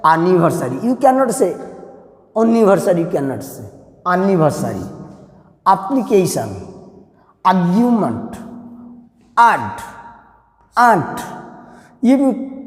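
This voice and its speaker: A man with an Indian English accent teaching English pronunciation, repeating each word several times and asking his students questions. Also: sits high. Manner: drills words by repeating them several times; addresses students directly with questions. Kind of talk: classroom-style lesson. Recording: echoey room with long reverb.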